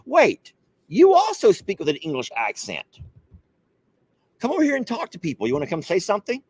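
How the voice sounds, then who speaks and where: A man's voice: high voice, wildly swooping pitch, a little fast, a little mellow, slightly rough. A man hosting a casual coffee chat, playful and teasing, laughing often. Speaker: host.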